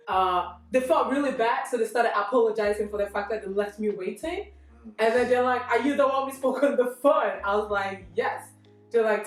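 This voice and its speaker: Young woman with a slight Australian accent. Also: medium pitch. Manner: animated storyteller, acts out dialogue. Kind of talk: casual group discussion. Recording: roomy room, distant mic, faint music.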